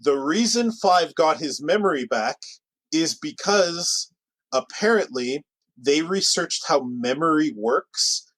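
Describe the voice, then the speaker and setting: A man co-hosting a podcast in casual chat, rambling along with restarts and quick asides. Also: a little high, lively intonation, fairly bright tone, rough recording. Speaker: podcast co-host.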